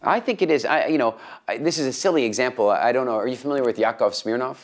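A man's voice: medium pitch, quick pace. A middle-aged man, a guest telling stories in an interview and often repeating words while he searches for the next thought. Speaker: guest, studio owner. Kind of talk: conversational interview storytelling.

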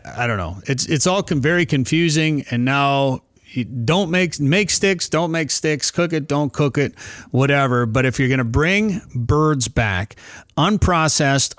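A man's voice: medium pitch, no room sound, clean studio sound. A man hosting a casual talk show, rambling and thinking aloud about hunting rules, with many restarts. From United States.

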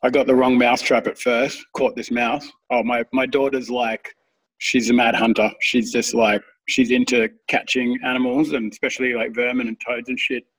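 A man tells loose, rambling stories, swearing freely and laughing along as he goes. His voice is husky and sits a little back from the microphone, with a mid-range pitch. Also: little pitch movement, moderate pace, fairly bright tone, far from the mic, rough recording. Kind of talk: casual storytelling chat.

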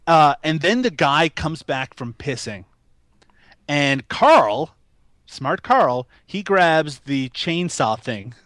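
Lively-voiced man, film podcast co-host. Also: fairly high pitch, slow pace, dry recording. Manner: animated storytelling, laughs often. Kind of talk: casual chat.

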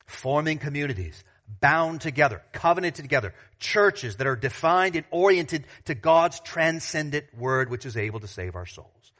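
A man's voice: fairly high pitch, a bit bright. A man pastor preaching a sermon in a church, earnest and full of rhetorical questions.

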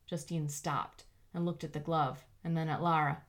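A woman narrating an audiobook in an even, measured way. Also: low-pitched.

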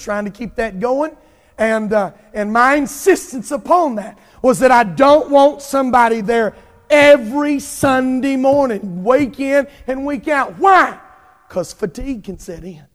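A pastor preaching an impassioned sermon, drawing out emphatic lines and rising to shouts. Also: male voice, extremely high pitch, in a large hall.

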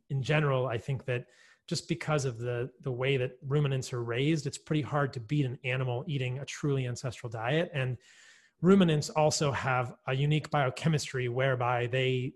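This guest expert, a man of medium pitch with fairly even intonation and a moderate pace, explains at length in a conversational podcast interview. His manner is enthusiastic and chatty, with frequent fillers and laughter.

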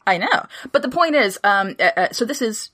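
Podcast co-host, female, casual recap chat; lively swooping pitch, swears freely, punchy asides. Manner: animated, swearing, quick asides.

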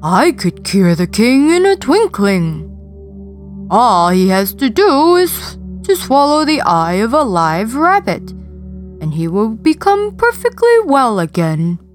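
A woman voicing a boastful, easily frightened male turtle in a storybook reading, speaking slowly with drawn-out emphasis. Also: fairly high pitch, sing-song, soft background music.

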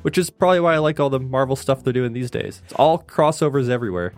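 A man's voice: mid-range voice, fast talker, a little mellow, soft background music. A man co-hosting a casual chat, talking eagerly about the cartoons he grew up with. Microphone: phone speaker pointed into the mic at times.

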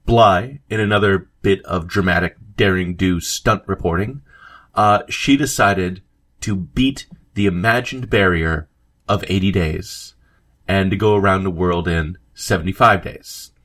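The host, a man with a low-pitched, fairly bright voice, keeps a measured pace. He reads a scripted history episode with quotations in a conversational way, adding asides and fillers.

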